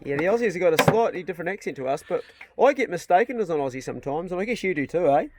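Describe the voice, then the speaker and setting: A man's voice: high voice, expressive, rapid-fire, a little mellow, a little hiss or hum. A man with a New Zealand accent chatting casually outdoors on his property, jokey and full of slang. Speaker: vlogger. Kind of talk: casual chat.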